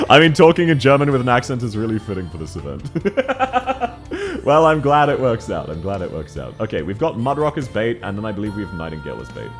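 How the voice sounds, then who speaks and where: A man's voice: mid-range voice, moderate pace. Young aussie guy streaming a game, laughs a lot, voice jumps all over the place, faint music behind. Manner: laughs often, swears, lively up and down. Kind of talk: casual game commentary reading chat.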